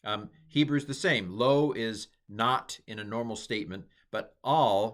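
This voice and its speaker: A middle-aged man talks through a Hebrew verse in a relaxed teaching style, full of playful asides and quick jokes. His voice sits fairly low. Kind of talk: casual Bible Hebrew lesson.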